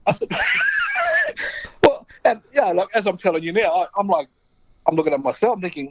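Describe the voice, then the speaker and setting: Australian man spinning a lively yarn. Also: high-pitched, moderate pace, pauses often, breathy edge, muffled recording. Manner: lively yarn-spinning, acting out voices in his stories. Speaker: guest storyteller. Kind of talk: casual anecdote telling.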